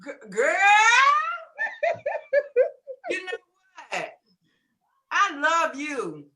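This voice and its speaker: A woman in her fifties giving an exuberant testimonial on a video call, emphatic and lively. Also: high voice, slow. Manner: emphatic and lively, calls listeners honey and girl. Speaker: webinar guest giving a testimonial. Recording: distant from the mic.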